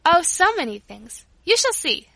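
An excited little girl from a storybook, bright and high, bursting with eager exclamations, as a woman reader puts her on. The sound is close and dry, with no room around it. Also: a little fast, no echo.

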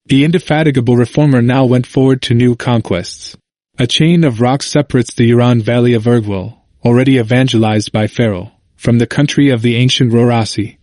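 A man reading a church history aloud in a measured audiobook narration, lifting his voice for quoted shouts. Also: no echo. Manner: measured, raising pitch for quoted cries.

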